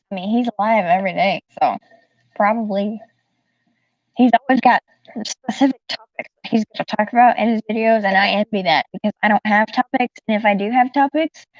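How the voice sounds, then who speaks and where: A woman's voice: mid-range voice, no room sound. A woman from the American South chatting casually with her live-stream viewers, giggling often and talking straight to the chat. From Southern United States. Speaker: livestreamer. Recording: distant dull dry mic.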